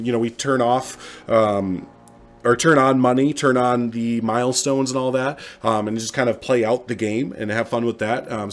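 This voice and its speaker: A man with a cold, hosting a gaming channel, rambling casually with lots of ums and uhs. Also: medium pitch. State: stuffed up from a cold. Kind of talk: casual gameplay commentary. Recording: faint music behind the voice.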